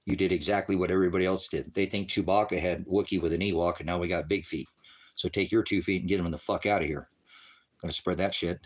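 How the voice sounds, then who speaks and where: A man on a livestream, ranting about scripture at his chat, swearing and taunting, dropping from low mutters to high shouts. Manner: profane, taunting, mocking laughter. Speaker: livestream preacher. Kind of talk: heated livestream rant at chat.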